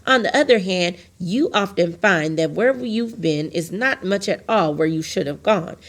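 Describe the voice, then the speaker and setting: A woman's voice: lowish voice, lively intonation, moderate pace. A woman reading aloud and voicing a fussy, forgetful, ordinary middle-aged man who lives in a house with four doors. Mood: musing.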